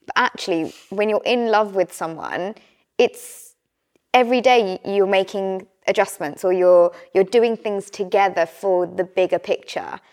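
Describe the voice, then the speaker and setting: A young woman talking candidly as a podcast guest, sharing personal stories in an animated, conversational way. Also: medium pitch, unhurried. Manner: candid, animated, quotes herself and her partner in playacted voices. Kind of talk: casual chat.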